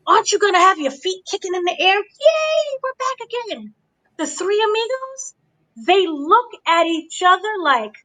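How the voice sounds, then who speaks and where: Bright, high-voiced woman gossiping animatedly. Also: poor audio. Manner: acts out quotes with gasps and dramatic voices; playful, gossipy storytelling. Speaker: entertainment editor recapping wrestling. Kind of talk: animated recap chat.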